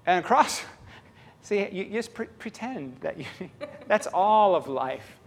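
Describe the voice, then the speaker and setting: A man giving a casual, story-filled sermon, chatty and animated, often laughing and acting out what people said. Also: high voice, takes it slowly, gravelly. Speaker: pastor.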